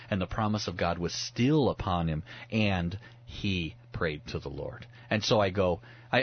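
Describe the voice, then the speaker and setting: A man's voice: lowish voice, husky, lo-fi sound. A man speaking as a pastor guest on a radio talk show, earnest and reflective, often restarting his words as he thinks aloud. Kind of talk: radio talk about the Bible.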